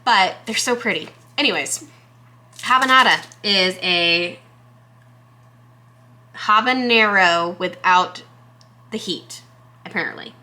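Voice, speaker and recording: A young woman from Texas talks straight to her viewers in a casual gardening vlog. Her voice is bright and clear-edged, sitting at a middle pitch. She rambles cheerfully and pokes fun at herself as she goes. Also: slow, pauses often. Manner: chatty, self-deprecating, excitable. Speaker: gardening vlogger. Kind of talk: casual chat to camera.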